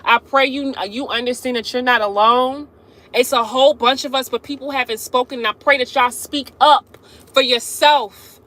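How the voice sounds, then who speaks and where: Bright high-voiced woman chatting to viewers. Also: steady tone, normal speed. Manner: chatty, laughs often, keeps addressing viewers directly. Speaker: live-stream host. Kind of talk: casual live-stream talk to viewers.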